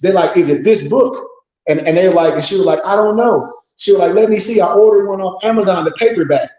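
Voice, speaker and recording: Animated high-voiced man in an echoey room. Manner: animated, boastful storytelling with quoted voices. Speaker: pastor and teacher. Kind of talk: casual livestream talk.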